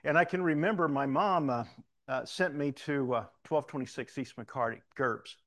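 A man's voice: medium pitch, normal speed, fairly bright tone. A man in his sixties with a Southern-tinged Missouri accent, giving a folksy, anecdotal talk from the front of a church. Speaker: church leader.

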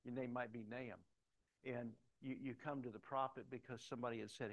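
A man's voice: mid-range voice, flat delivery, brisk, highs cut off. A middle-aged man preaching a sermon, telling personal stories in a conversational way and growing emphatic at times. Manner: conversational storytelling, emphatic at points. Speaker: pastor.

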